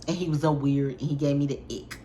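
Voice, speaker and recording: A woman's voice: low voice, steady tone, fast talker, warm tone, a little hiss or hum. A young woman in her twenties, chatting casually and expressively to her viewers in a storytime vlog, full of slang. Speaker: vlogger. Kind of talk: casual storytime chat to camera.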